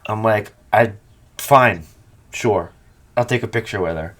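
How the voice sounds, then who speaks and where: A man's voice: lowish voice, a little slow, a bit bright. A man hosting a podcast, telling stories in casual, profane chat and quoting people as he goes. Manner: profane, storytelling, quotes people in their voices.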